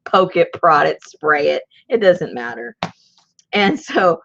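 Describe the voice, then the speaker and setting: A woman hosts a crafting session and chats easily as she works. Her voice is gravelly and unhurried, with lively ups and downs. The sound is dry and close, a little muffled. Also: lowish voice, slight background noise. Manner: slow, chatty, laughs often. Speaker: crafting video host. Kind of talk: casual chat while collaging.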